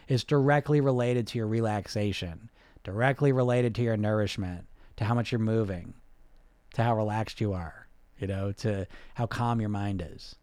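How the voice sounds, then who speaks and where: A man talks straight to his viewers as a weight-loss coach, quick and animated, piling up fillers and restarts. His voice sits at an ordinary middle pitch. The sound is dry and close, with no room around it. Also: dry recording. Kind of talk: casual direct-to-camera talk.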